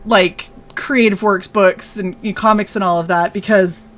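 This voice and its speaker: Speaking at a moderate pace with a pitch in the middle range, the host keeps the conversation casual. Her storytelling is vivid, and she acts out whatever people told her.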